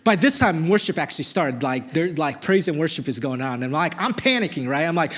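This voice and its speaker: A male pastor preaching a sermon, telling a personal story in a casual, animated way with plenty of filler words. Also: fairly high pitch, fairly quick, few pauses. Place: church service.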